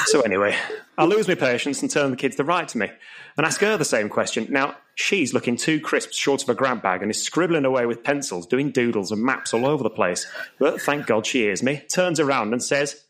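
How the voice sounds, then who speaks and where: Brief: male compere, stand-up storytelling, pitch swings around a lot. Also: fairly quick. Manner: lively storytelling with put-on voices for characters. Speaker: comedian and compere. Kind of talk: stand-up comedy routine.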